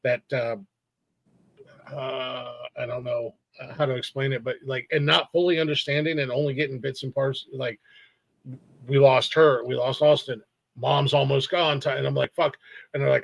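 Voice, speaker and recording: A middle-aged man co-hosting a casual podcast, talking in a halting, rambling way full of fillers. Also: medium pitch, flat delivery, vocal fry, no echo, dull audio. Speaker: podcast co-host.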